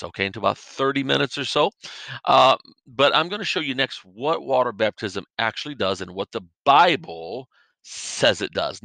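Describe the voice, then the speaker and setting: A man's voice: medium pitch, vocal fry, pushed and bright, dry recording. A middle-aged man host preaching a podcast sermon, fervent and emphatic with exclamations.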